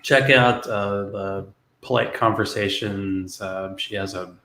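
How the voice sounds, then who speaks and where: A man co-hosting a casual podcast, rambling and hedging, with soft laughs. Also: lowish voice, fairly even intonation, slow. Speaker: podcast co-host. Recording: echoey room.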